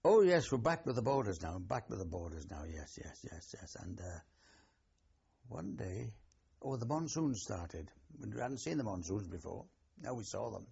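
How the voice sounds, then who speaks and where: This oral history interview features an older war veteran with a Welsh accent whose lowish voice is sing-song, creaky, husky, and dark. He recounts his past haltingly, rambling and restarting frequently, and the audio is dull.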